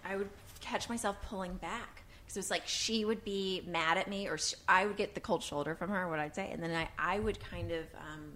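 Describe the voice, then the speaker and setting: A woman's voice: lowish voice, fairly quick, few pauses, fairly bright tone. Frank, chatty woman. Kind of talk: casual conversation.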